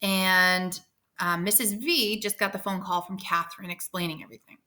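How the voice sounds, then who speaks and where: A woman teacher of fifth graders giving instructions and reading a novel aloud to her class, encouraging and instructive, with quick asides. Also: medium pitch, steady tone, bright, forceful tone.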